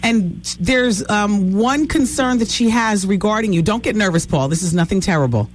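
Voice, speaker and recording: A woman's voice: mid-range voice, normal speed, soft background music. A woman hosting a call-in radio advice show, talking to callers in a direct, blunt way. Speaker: radio talk show host.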